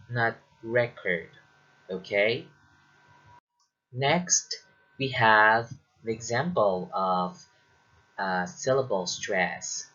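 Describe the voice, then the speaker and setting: A man teaching as a lecturer in a deliberate way, often checking in with the listener. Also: on the low side, bright, forceful tone, dull audio. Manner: slow and deliberate, checking in with "okay?". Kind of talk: recorded lecture.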